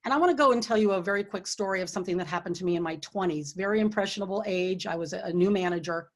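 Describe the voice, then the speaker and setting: Speaking very fast at a medium pitch, a husky-voiced author hosts her book launch as an online event over a computer or webcam mic. She offers earnest, encouraging leadership advice through storytelling, lowering to a hushed tone for quiet moments.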